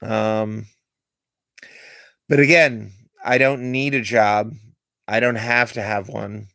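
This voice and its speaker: A man's voice: on the low side, fairly even intonation, takes it slowly, creaky, bright, forceful tone, no room sound. A man rambling through candid stories in a late-night livestream monologue, close to his desk mic. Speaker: streamer.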